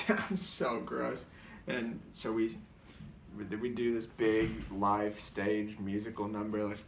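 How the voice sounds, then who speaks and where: Speaking slowly in a lowish voice with fairly even intonation, a comedian rambles through casual stories of his sketches. He uses loads of "like," restarts often, and briefly mimics voices. The mic sits far off in a roomy space, with a faint hum in the background.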